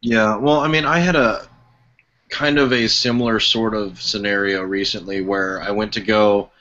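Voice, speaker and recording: A man's voice: fairly low pitch, fairly even intonation, normal speed, bright, forceful tone. A man relaxedly telling a recent story in a casual panel chat. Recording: dull lo-fi audio.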